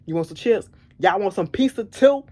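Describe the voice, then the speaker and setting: A woman's voice: mid-range voice, lively intonation, normal speed, a little mellow, lightly acted. A pushy, rambling man who won't stop offering snacks, as a woman imitates him while telling a story. His lines come out repetitive and insistent, in a voice only a little lifted from the teller's own.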